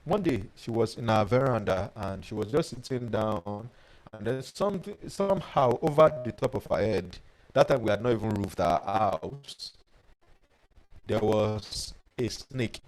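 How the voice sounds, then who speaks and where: A man, a life coach teaching a webinar and telling personal stories in an animated way. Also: fairly low pitch, measured pace, rough recording. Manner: animated storyteller who reads out viewer comments.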